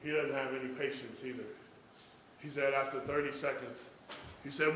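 A middle-aged man preaching a sermon in church, telling a story and swinging from hushed asides to loud emphasis. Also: mid-range voice, fairly even intonation, normal speed, pauses often, a little hiss or hum.

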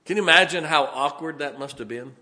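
A man's voice: a little high, fairly quick, pushed and bright. A male pastor preaching a sermon in a folksy storytelling manner, acting out the voices of the people in his story. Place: church sanctuary. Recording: long reverb of a church hall.

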